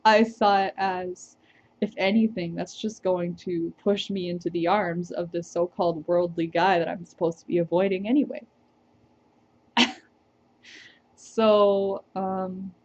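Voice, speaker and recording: A woman's voice: lowish voice, a little mellow, lo-fi sound, slight background noise. A woman vlogger telling a personal story to the camera, reflective and hesitant, with small laughs.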